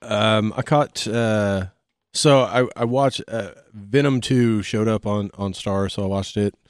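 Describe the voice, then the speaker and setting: A man co-hosting a podcast, playful and jokey, a bit tipsy and pausing with fillers. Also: fairly low pitch, smooth, dry recording, studio quality. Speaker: podcast co-host. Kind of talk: casual banter.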